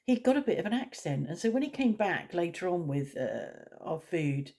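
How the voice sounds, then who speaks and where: A woman's voice: lowish voice, big pitch swings, moderate pace, a little mellow. A woman vlogger talking in a casual, rambling way, blunt and opinionated.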